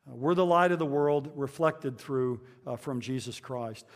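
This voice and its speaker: A man preaching a conversational sermon to his congregation, pausing with fillers and restarting phrases. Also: mid-range voice, in a large hall. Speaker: pastor.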